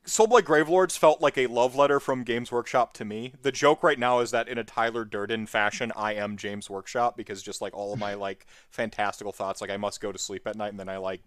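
A podcast co-host chats casually in an animated, fairly quick rush with few pauses, his pitch jumping up as he circles back over his own words. He rambles, keeps restarting sentences and piles on fillers. The sound is dry and close, with no room sound.

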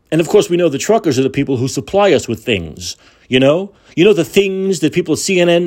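Angry man, swearing, sarcastic, pitch swinging all over, fairly high voice, a political rant. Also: darkish tone. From United States. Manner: angry, profane, sarcastic ranting; repeats words for emphasis. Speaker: podcast host.

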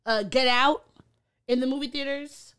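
Young woman podcast co-host, casual chatty delivery, high and clean voice. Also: steady tone, moderate pace, a bit bright, smooth. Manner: chatty, laughs often. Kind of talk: casual chat.

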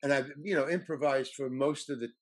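An older man, an actor, telling anecdotes in a halting way, with many fillers and restarts. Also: mid-range voice, fairly even intonation. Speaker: actor guest. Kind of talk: anecdotal storytelling.

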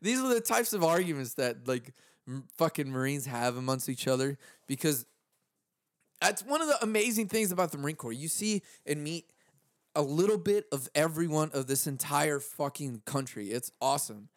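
Young californian man, profane comic rant, higher-pitched, dry close mic. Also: lively intonation, normal speed, dry recording. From Southern California. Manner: profane, laughs often, acts out quoted voices. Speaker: podcast host. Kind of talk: solo comedic rant.

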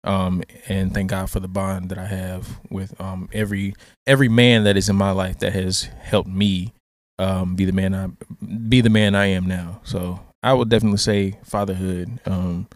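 A young man co-hosting a casual podcast, soft-spoken and hesitant, with many pauses and words of agreement. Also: low-pitched, flat delivery, dry recording, clean studio sound. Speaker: podcast co-host. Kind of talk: casual chat.

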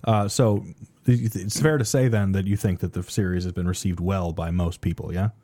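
A man's voice: sits low, steady tone, a little fast, mellow, no echo, clean studio sound. A man hosting a casual podcast chat, reading out news items, joking and swearing freely.

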